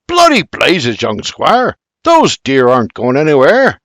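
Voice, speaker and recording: A man's voice: fairly high pitch, wildly swooping pitch, a little slow, a bit bright, no echo, clean studio sound, exaggerated voice. A man voicing a proud, teasing father in a bluff brogue, in an audiobook. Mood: jovial.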